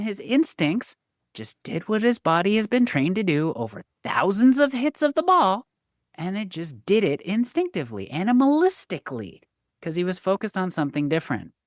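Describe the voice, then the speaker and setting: Upbeat woman coach with a lively pitch that swings widely, dry close sound, enthusiastic and motivational. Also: dry recording. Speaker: guest, success coach and pickleball coach. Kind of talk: casual interview talk.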